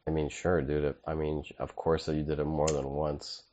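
A man's voice: very deep voice, flat delivery, moderate pace, dark tone. A man co-hosting a comedy podcast, laid-back and riffing, saying "dude" a lot. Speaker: podcast co-host. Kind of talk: casual comedic chat.

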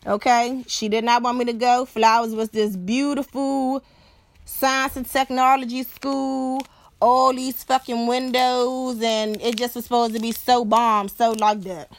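A woman's voice: a little high, measured pace. A young woman hosting a podcast, telling a personal story in a blunt, profane, casual way and often checking in with her listener. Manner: blunt and profane, keeps asking "you know what I'm saying"; animated, acts out other people's voices. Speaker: podcast host.

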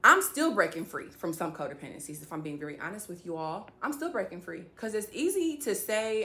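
A woman's voice: medium pitch, sing-song, a little fast, hardly any pauses, sharp tone. Chatty woman talking faith to viewers. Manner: chatty, rambling, addresses viewers directly. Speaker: faith vlogger. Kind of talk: casual faith-based talk to camera.

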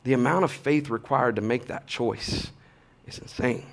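A man in his thirties preaching a sermon as a pastor, casual and animated, with slang and big swings between quiet and loud. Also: mid-range voice, moderate pace, gravelly.

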